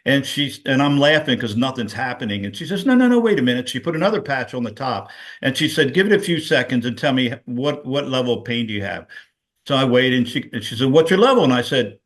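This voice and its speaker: On a video call, a middle-aged male guest shares a personal story as a casual testimonial, rambling with many fillers. His mid-range voice is fairly quick and a bit bright.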